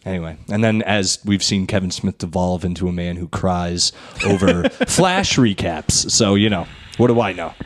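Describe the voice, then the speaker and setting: Low-voiced young man hosting a podcast. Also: expressive, normal speed, few pauses. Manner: loose and profane, retells scenes with put-on quotes. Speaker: podcast host. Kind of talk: casual podcast chat.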